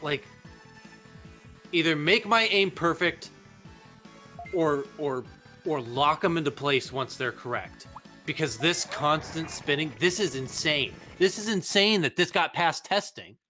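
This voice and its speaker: A man comments on a game in a casual, exasperated rant and swears freely. His voice sits a bit high and sounds bright and forceful. Faint game music runs underneath. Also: expressive, unhurried. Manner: exasperated, swearing, frustrated ranting. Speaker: let's play host.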